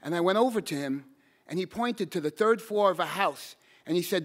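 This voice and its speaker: A man with a high voice and lively intonation shares a personal story live on stage. Earnest and halting, he repeats words and shouts when quoting his own lines.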